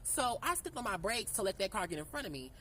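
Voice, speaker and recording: A woman's voice: mid-range voice, fast, a little hiss or hum, rough recording. A young woman vlogger telling a casual, candid storytime, swearing freely and acting out the dialogue. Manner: candid, profane, animated retelling with quoted dialogue.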